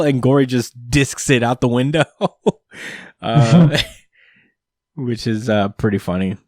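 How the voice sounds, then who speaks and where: A man's voice: medium pitch, slow, long pauses, a little mellow, dry recording, studio quality. A man hosting a podcast, recapping a comic chapter in casual chat, rambling with many fillers and frequent chuckles. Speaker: podcast host.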